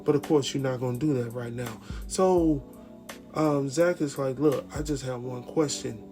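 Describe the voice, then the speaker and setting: A man's voice: medium pitch, normal speed, warm tone, faint music behind. A man with recapping a TV episode in casual commentary, acting out the quotes and laughing often. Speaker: TV recap host.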